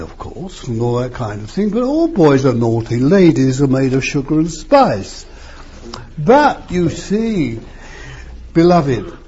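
This sermon comes from an older East End London preacher, a man whose husky voice has a lively pitch. His delivery is emphatic, with rhetorical questions and broad swings in pitch. The recording sounds muffled and lo-fi.

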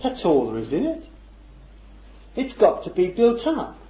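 Speaking warmly in a voice on the high side, a man delivers a sermon in a conversational way, full of rhetorical questions and chuckles, captured in a roomy, dull lo-fi recording.

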